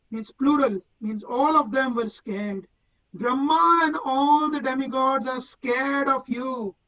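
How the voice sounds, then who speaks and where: A man's voice: very high-pitched, fairly bright tone, highs cut off. A man leading a devotional scripture class, reciting Sanskrit verses and then explaining them word by word.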